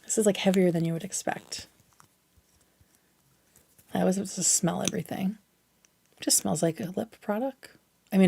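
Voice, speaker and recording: A young woman hosting a livestream, chatting casually and excitedly while reviewing makeup, swearing now and then. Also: mid-range voice, normal speed, vocal fry, long pauses, slight background noise. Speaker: livestream host.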